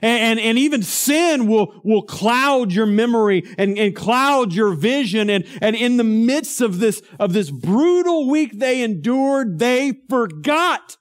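High-voiced preacher, conversational. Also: male voice, expressive, slow, few pauses. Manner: conversational preaching with homespun asides and swells of emphasis. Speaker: pastor. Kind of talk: sermon.

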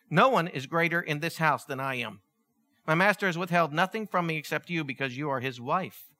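A man preaching a sermon, retelling a story with lively asides and acted-out voices. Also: high-pitched. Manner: animated storytelling, acting out voices, chuckling asides.

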